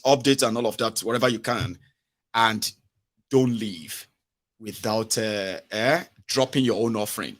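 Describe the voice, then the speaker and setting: A middle-aged man with a Nigerian accent hosting a live-stream political commentary show, animated and sarcastic. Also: lowish voice. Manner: animated, sarcastic, drops into mock voices. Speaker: host.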